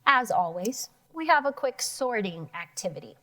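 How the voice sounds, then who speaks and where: A woman's voice: fairly high pitch, sing-song, normal speed, sharp tone. A woman teaching an elementary phonics lesson, sounding out words syllable by syllable.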